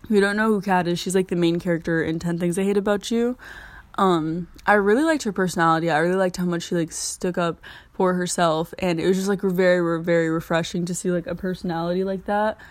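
A woman's voice: fairly low pitch, steady tone, a little fast, no echo. A teenage girl hosting a casual solo podcast, rambling with constant "like" fillers. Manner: rambling, heavy use of "like" fillers. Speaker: podcast host.

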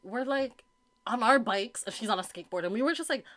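A woman's voice: a little high, a little fast. A young woman telling a wild story in casual chat, acting out what everyone said and laughing often. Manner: animated storytelling, acts out quotes, frequent laughter.

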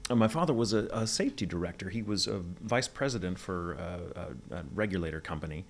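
Low gravelly man, mid-Atlantic accent. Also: animated. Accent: neutral mid-Atlantic. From Texas, USA. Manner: articulate, measured storytelling. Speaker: guest, voice actor. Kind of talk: casual interview.

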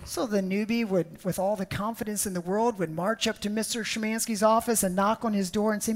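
Woman, sermon, emphatic, storytelling, middle pitch, repeats words. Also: moderate pace, few pauses, a bit bright. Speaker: preacher.

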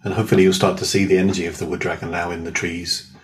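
A man guiding a slow, soothing meditation and telling stories in a lively, casual way. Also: sits low, low-quality recording. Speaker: guest, spiritual healer and teacher. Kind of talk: guided meditation and casual storytelling.

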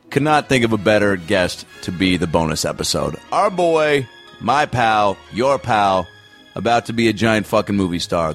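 A man's voice: mid-range voice, a bit bright. A man hosting a podcast, reading an ad and introducing the show in a hyped, loose and profane way. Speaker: podcast host. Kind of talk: casual ad read and show intro.

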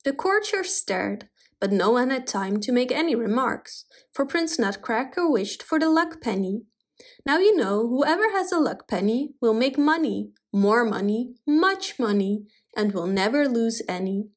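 A woman reading a fairy tale aloud in an expressive, animated way. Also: on the high side, unhurried. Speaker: storyteller. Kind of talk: storybook reading.

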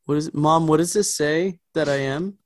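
Man doing a whiny little kid, squeaky and offended. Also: normal speed, dry recording, close to an everyday voice. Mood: indignant. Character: whiny young child asking mom.

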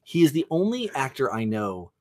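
A man's voice: medium pitch, very animated, moderate pace, darkish tone, no room sound. A young man hosting a casual movie chat, enthusiastic and joking, rambling with fillers. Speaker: podcast host.

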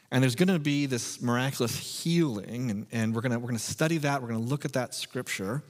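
A man preaching a sermon as pastor, telling a self-deprecating story in a relaxed, conversational way before moving into scripture. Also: mid-range voice, in a large hall.

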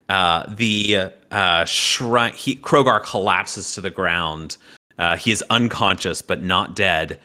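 Man game master, unhurried, vivid scene-setting, bright tone. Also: low-pitched. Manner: vivid descriptive narration with fillers. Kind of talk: narrating a tabletop game.

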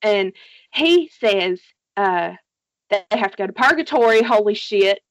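A woman's voice: mid-range voice, lively intonation, unhurried, dry recording. A woman casually recapping a TV series with a co-host, telling it animatedly, swearing freely and laughing often. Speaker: podcast co-host.

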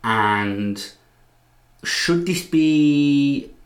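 A man, a teacher co-hosting a casual podcast chat, relaxed with wry asides. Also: fairly high pitch, drawn-out words. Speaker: English teacher and podcast co-host. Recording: echoey room.

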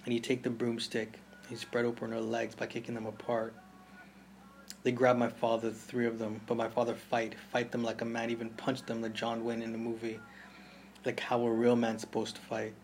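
A man's voice: medium pitch, completely flat delivery, normal speed, slight background noise. Intense Jamaican man narrating a story. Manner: intense, mimics gunshot sounds. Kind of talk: audiobook narration.

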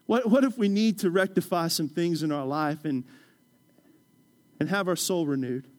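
A man's voice: on the high side, normal speed, a little mellow. A man preaching a sermon as pastor. He talks conversationally, tells stories and jokes with the congregation. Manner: conversational, storytelling, joking with the congregation.

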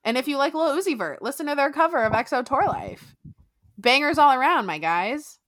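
Her voice sits high and brisk as this young woman co-hosts a podcast, keeping things giggly and lively with plenty of laughter and free swearing in casual conversation. No room sound is audible.

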